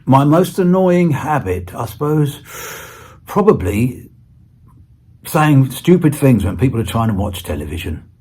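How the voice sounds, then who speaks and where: British man, husky voice, lively pitch, rambling and playful, casual interview chat. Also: a little slow. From Britain. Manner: playful, rambling, with stammered restarts. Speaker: interview guest.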